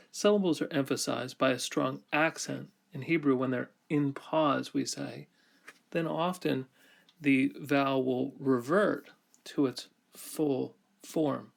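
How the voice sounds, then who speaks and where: A man delivers a recorded grammar lesson at an unhurried, deliberate pace. His voice carries a gravelly, creaky texture at a middle pitch. He explains step by step and now and then corrects himself mid-sentence. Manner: slow, measured explaining with occasional self-corrections. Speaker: teacher. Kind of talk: recorded lecture.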